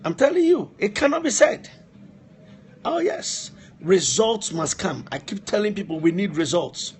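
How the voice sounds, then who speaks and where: Male preacher, high voice, repeats lines hard for emphasis, faint room hum. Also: big pitch swings, measured pace. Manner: repetitive, emphatic exhortation, asides to helpers. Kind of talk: live-streamed sermon.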